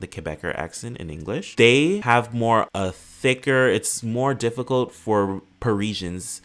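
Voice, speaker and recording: A man with a very low, deep voice teaches in an educational explainer video. He talks like an English educator and sets out each idea with an example, step by step. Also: fairly bright tone. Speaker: English educator and linguistics specialist.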